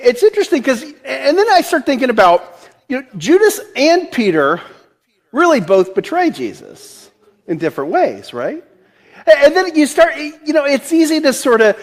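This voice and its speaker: Man, forties, delaware accent, high voice, laid-back sermon with chuckles and fillers. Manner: chatty, laughs often, many restarts and fillers. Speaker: pastor. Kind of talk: conversational sermon.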